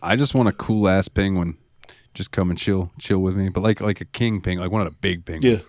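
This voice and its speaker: A man co-hosting a podcast in casual chat, excitable, swearing freely and laughing often. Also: deep voice, a little fast, no room sound, clean studio sound. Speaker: podcast co-host.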